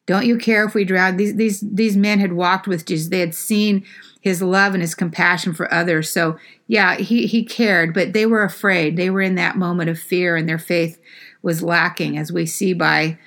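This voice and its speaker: A woman's voice: on the low side, fairly even intonation, normal speed, fairly bright tone. A woman preaching a sermon in a conversational way, with frequent fillers and restarts.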